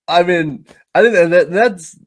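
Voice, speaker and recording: A male podcast host with a higher voice. He sounds eager and casual and often stumbles into his questions. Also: unhurried. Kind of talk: casual interview chat.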